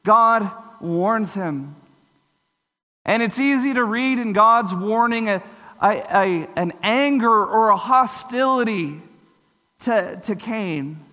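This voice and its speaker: A man's voice: sits high, expressive, slow pace, bright, forceful tone, in a large hall. A man preaching a sermon, earnest and explanatory, slipping into short voiced asides.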